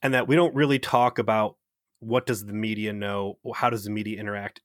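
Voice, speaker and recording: A man with a bright, forceful voice rants sarcastically through a casual critique chat. The recording is dry and close, with no room sound. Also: lowish voice, fairly even intonation, a little fast, no room sound. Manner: ranting, profane, sarcastic. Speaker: podcast co-host.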